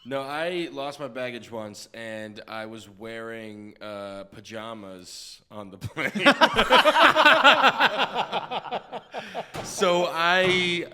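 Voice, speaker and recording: Co-host, man, sharp tense bright tone, upbeat segment lead-ins. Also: mid-range voice, drawn-out words, long reverb tail. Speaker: podcast co-host. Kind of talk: casual chat.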